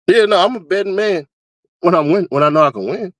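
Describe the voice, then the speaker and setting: A man hosting his own casual commentary and talking animatedly, laughing often as he goes. His voice sits fairly high for a man. The sound is dry and close, with no room around it. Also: a little fast, no room sound. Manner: animated, laughs often, breaks into high-pitched screaming bits. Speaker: commentary host.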